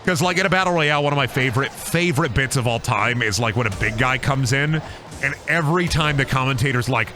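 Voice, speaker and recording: Faint music plays behind a fast-talking man whose mid-range voice sounds pushed and bright. While playing a game on stream, he rambles, cracks jokes, and riffs on wrestling in loose let's-play commentary.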